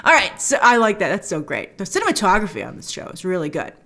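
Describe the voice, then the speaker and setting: A woman hosting a show, recapping and reacting to a TV episode in casual chat, animated, slipping into quoted character voices. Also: on the low side, quick pace. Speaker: host reviewing a TV episode.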